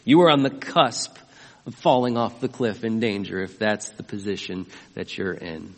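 A man's voice: lowish voice, moderate pace, long reverb tail. A man preaching a sermon as pastor, emphatic and often asking his listeners questions. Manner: emphatic, asks the congregation questions.

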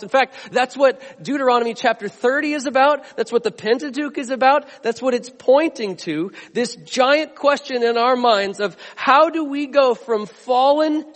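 A man preaching a sermon as a pastor, earnest, swinging between loud emphatic lines and quiet ones. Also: very high voice, big-room sound.

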